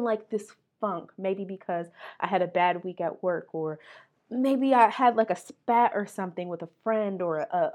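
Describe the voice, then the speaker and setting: A woman's voice: mid-range voice, a little mellow. A young woman hosting a podcast, talking candidly and earnestly about mental health in casual slang and getting emotional at times. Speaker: podcast host. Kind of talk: candid motivational talk.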